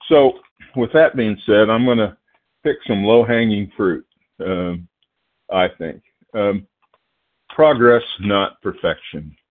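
A man from Oklahoma, a guest speaker at a phone-line recovery meeting, nervous and halting, with many fillers, restarts and throat-clearing. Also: lowish voice.

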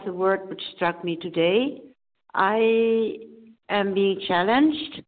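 A woman calling from Germany who shares a personal testimony in a meeting, halting and repeating phrases as she searches for words. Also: mid-range voice. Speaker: meeting attendee sharing. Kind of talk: personal testimony on a phone call. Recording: tinny phone line.

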